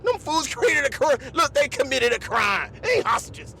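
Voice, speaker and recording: A man's voice: extremely high pitch, big pitch swings, normal speed, vocal fry, bright, forceful tone, slight background noise. A man hosting a comedy podcast, rambling through his bits, chuckling often and repeatedly asking if you follow him. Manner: repetitive, chuckling, keeps asking "you know what I'm saying".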